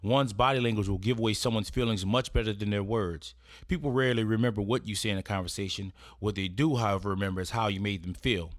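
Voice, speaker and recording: A man's voice: fairly low pitch, dry recording, clean studio sound. A man presenting an etiquette lesson in a casual instructional style, partly read, often checking in with "right?". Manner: conversational, checks in with frequent "right?". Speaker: presenter giving etiquette advice.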